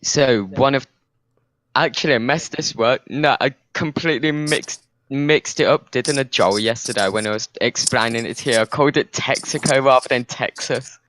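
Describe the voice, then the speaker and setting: A young British man argues his case on a podcast, circling back and restarting as he talks. His voice sits at an ordinary middle pitch. The recording is very dry, close and without room sound. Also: moderate pace, fairly bright tone, dry recording. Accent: British English. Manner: argumentative, rambling with restarts. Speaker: podcast co-host. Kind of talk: casual debate chat.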